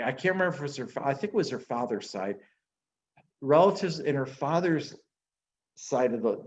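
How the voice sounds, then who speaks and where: A male minister teaches a live class in a relaxed, conversational way. He asks the group questions and leads them through an exercise. The recording is a little dull and lo-fi. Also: medium pitch. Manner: conversational, guiding the class with direct questions and instructions.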